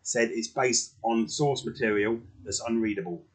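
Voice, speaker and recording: Husky low-voiced man, sardonic. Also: normal speed. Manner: dry, sardonic, swears. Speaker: podcast co-host. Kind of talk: casual unedited chat.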